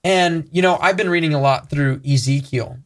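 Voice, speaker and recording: A man's voice: fairly high pitch, moderate pace. A man co-hosting a Christian talk show, earnestly preaching and telling a personal story. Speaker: co-host. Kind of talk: preaching commentary.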